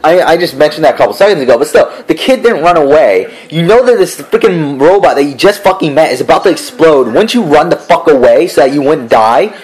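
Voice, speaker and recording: A man's voice: a little high, animated, brisk, few pauses, a little mellow, husky, rough recording. A man giving a casual spoken review, ranting in an exasperated, profane way. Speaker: show reviewer.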